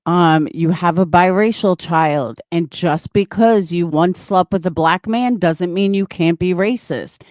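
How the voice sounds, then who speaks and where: A woman's voice: fairly low pitch, measured pace, hardly any pauses, a little mellow, no room sound, studio quality. A woman hosting a commentary channel, blunt and confrontational, cursing freely as she calls someone out. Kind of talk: angry commentary.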